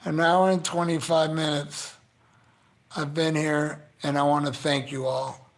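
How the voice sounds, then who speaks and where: A man's voice: a little high, little pitch movement, unhurried. Choked-up man thanking his live chat. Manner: heartfelt, profane, emotional. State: choked up, near tears. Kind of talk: casual live-stream chat.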